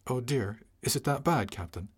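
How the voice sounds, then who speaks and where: A man's voice: mid-range voice, expressive, normal speed, slightly rough. A man voicing an earnest, anxious young male crewman in an audiobook reading.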